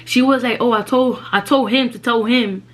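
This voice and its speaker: A woman's voice: on the high side, fairly even intonation, moderate pace, a bit bright, faint music behind. A young woman, telling a personal story in a casual, slangy vlog and dropping in Spanish phrases.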